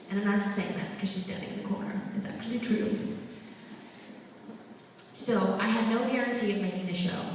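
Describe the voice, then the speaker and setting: A young woman giving a motivational talk to students at a school, telling her story in a lively, chatty way with asides to the crowd. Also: mid-range voice, slight background noise. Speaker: guest speaker at a school. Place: school hall. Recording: echoey hall from far off.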